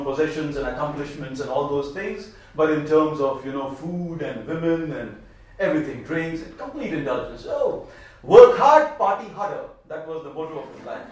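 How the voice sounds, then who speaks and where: A man's voice: a little high, a little mellow, slight background noise. A man speaking as a spiritual speaker, telling a story animatedly and stressing points with repeated phrases. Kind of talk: storytelling talk. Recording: echoey room from far off.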